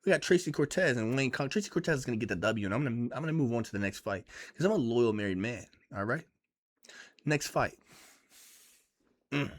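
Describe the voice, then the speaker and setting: A man giving casual, profane and excitable vlog commentary on fight picks, rambling as he goes. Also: mid-range voice, fairly quick, pauses often. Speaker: MMA fight picks YouTuber.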